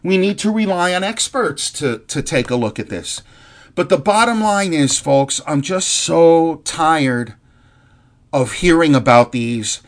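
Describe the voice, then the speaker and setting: A man's voice: on the high side, expressive, a little slow. Angry profane man ranting. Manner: angry, profane, rambling with restarts; earnest and heartfelt. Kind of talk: impassioned ranting monologue.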